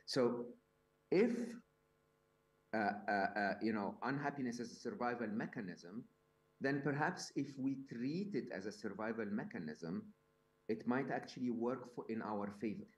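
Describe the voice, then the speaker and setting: A man's voice: mid-range voice, expressive, moderate pace, highs cut off. A man speaking to a live audience at a summit, conversational, with lots of fillers, restarts and rhetorical questions. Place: event hall.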